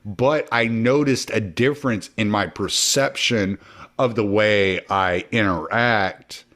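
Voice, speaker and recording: A man in a relaxed conversation who has been drinking, talking animatedly and swearing freely. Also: lowish voice, takes it slowly. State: drinking during the chat. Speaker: podcast guest or host. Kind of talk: casual conversation.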